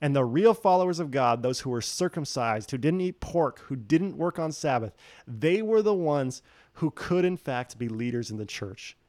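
A man's voice: medium pitch, lively intonation, normal speed, a little mellow, dry recording, studio quality. A man preaching a sermon, telling a story with jokes and acting out the quoted voices. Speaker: pastor.

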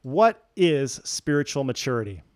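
A man's voice: medium pitch, big pitch swings, moderate pace, no room sound. Joking male pastor with a dry sound. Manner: joking storyteller, acts out quoted voices. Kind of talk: sermon.

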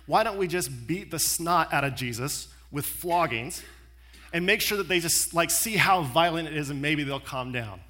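A man's voice: on the high side, animated, moderate pace, bright, forceful tone, pitched below the performer's own voice. A man voicing a weary, exasperated Roman governor who talks in a casual, modern way. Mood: frustrated. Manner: casual, modern-speaking, frustrated.

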